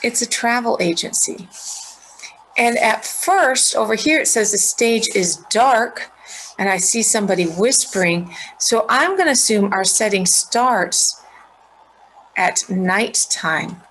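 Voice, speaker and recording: A middle-aged woman teacher giving a recorded lesson, explaining clearly and checking in with students. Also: mid-range voice, lively intonation, slow pace, a bit bright, a little hiss or hum, low-quality recording.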